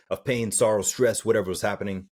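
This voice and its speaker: Very low-voiced Southern-raised man, earnest life coach on an interview. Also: moderate pace, a little mellow, breathy edge. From American South. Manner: earnest, acts out quoted people for effect. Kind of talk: casual interview talk.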